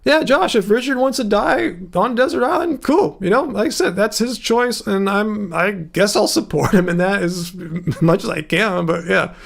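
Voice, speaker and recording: A man's voice: high-pitched, normal speed, creaky, few pauses, fairly bright tone. A man hosting a live stream, answering viewers in a rambling, indignant way. He is starting to lose his voice. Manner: rambling, indignant, talks straight to chat.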